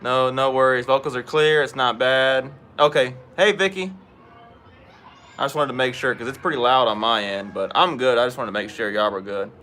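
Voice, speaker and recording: A man's voice: mid-range voice, normal speed, bright, forceful tone. A man hosting a casual fishing live stream outdoors, chatting and greeting viewers by name. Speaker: fishing livestream host. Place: outdoors at home.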